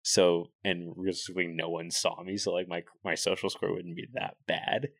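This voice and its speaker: A man's voice: low-pitched, flat delivery, normal speed, vocal fry, fairly bright tone, no room sound, studio quality. A young man, a podcast co-host, telling long rambling stories in casual chat, full of "like". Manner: rambling storyteller, heavy use of filler "like".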